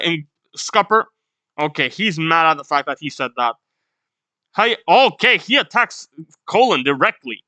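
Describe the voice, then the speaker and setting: A man reading a comic aloud and reacting bluntly, swearing now and then. His speech is unhurried, and his pitch is lively with wide swings. The sound is bright and dry. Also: no echo. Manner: reads panels aloud, blunt, swears, laughs at the story. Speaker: manga reaction host. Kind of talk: casual read-along reaction.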